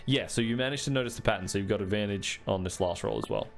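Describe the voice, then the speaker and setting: A man's voice: fairly low pitch, quick pace, faint music behind. A man narrating a tabletop game as dungeon master, loose and chatty with frequent fillers.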